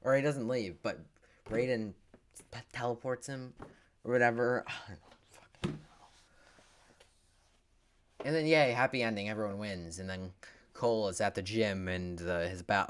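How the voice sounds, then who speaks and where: A young man giving a profane, sarcastic movie recap, full of filler words and swinging between mutters and outbursts. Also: fairly low pitch. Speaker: movie reviewer.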